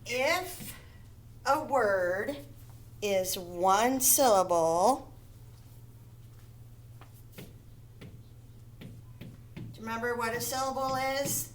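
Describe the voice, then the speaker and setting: A woman with a slightly high voice teaches a first-grade phonics lesson. She speaks slowly and patiently, breaking every rule into small steps. She keeps checking that the children are following her. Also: expressive, a little hiss or hum. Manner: slow, patient, explains step by step and checks with "okay?".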